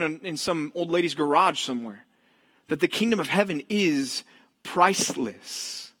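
A young adult male pastor preaching a sermon in a church, telling stories in an animated way and acting out the lines of the people in them. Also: sits high, slightly rough. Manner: animated storytelling, acts out characters' lines.

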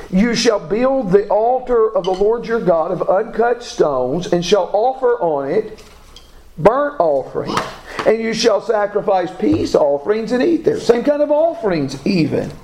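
Man teaching bible class, higher voice, talks slow, echoey room. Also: big pitch swings, darkish tone. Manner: reads scripture aloud, asks class questions, self-corrects. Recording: echoey room, faint background noise.

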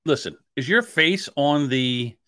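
A man's voice: mid-range voice, expressive, unhurried, sharp tone, dry recording, studio quality. A man co-hosting a podcast, teasing his partner with sarcastic jokes in casual chat. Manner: teasing, sarcastic, laughs often. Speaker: podcast co-host.

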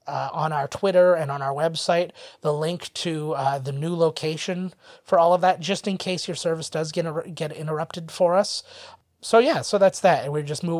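A man's voice: a little high, a little mellow, no room sound, clean studio sound. A man hosting a podcast in casual chat, rambling and self-deprecating with many restarts. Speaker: podcast host.

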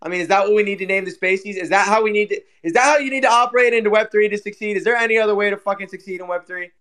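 High-pitched ranting, swearing man. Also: racing, a bit bright, clean tone. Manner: ranting, heavy swearing, repetitive fillers. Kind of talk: casual chat on an audio stream.

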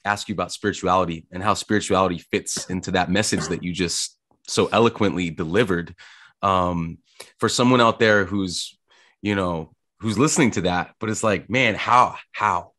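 Deep-voiced man hosting an interview. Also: a bit bright. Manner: halting, full of fillers. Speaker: podcast host. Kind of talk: casual interview.

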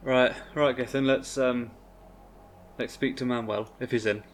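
A man takes his turn in a tabletop game, working through his plan out loud. His voice sits at a middle pitch and pauses often. Faint music runs underneath. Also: fairly even intonation. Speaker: player.

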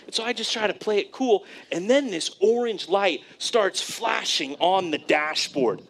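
Animated male preacher telling a story. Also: high-pitched, a little slow, a little hiss or hum. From California, USA. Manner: animated storyteller, frequent "right?" asides. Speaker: pastor. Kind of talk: sermon with personal story.

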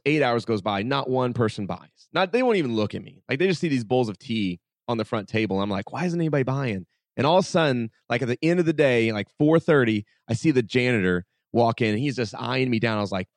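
Here a man guesting on a podcast tells lively, casual stories, acting out what people said and using "like" constantly. His mid-range voice moves briskly, and the studio recording is clean and dry.

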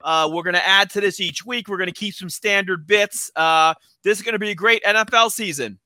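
A man on a sports podcast panel, bantering loudly and trash-talking a co-host in mock anger. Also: high voice, brisk, no echo. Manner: loud, mock-aggressive trash talk.

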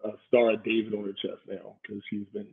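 A man's voice: lowish voice, completely flat delivery, fairly quick, creaky, breathy edge. A man co-hosting a podcast, ranting bluntly and profanely in casual chat. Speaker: podcast co-host. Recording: tinny phone-like line.

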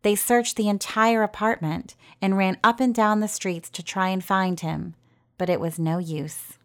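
A woman narrating a fairy tale in a gentle storytelling manner. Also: medium pitch, steady tone, a little slow.

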